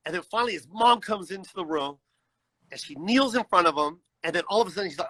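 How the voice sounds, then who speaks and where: A man telling a personal story as a guest on a livestreamed video call, animated and acting out the people in it, often checking in with "you know what I mean.". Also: fairly high pitch, brisk, no room sound, poor audio. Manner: animated, acts out voices in his story.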